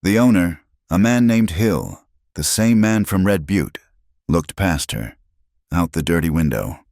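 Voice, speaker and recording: Deep-voiced guy reading a western tale, dead dry sound, no room at all. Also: expressive, unhurried, a little mellow, no room sound. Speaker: narrator. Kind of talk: scripted narration.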